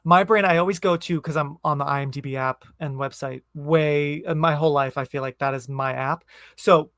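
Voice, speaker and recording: High-voiced man rambling through a movie review. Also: steady tone, normal speed, a bit bright, no room sound, clean studio sound. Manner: rambling, self-interrupting, trailing asides. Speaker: podcast co-host. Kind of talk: casual movie review chat.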